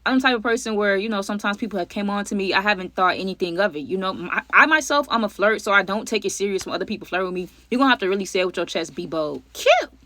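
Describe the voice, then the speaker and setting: A woman telling a storytime vlog to her viewers, animated and slangy, calling them y'all and acting out what people said. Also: medium pitch, racing, hardly any pauses, dry recording. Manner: acts out other people's lines mid-story.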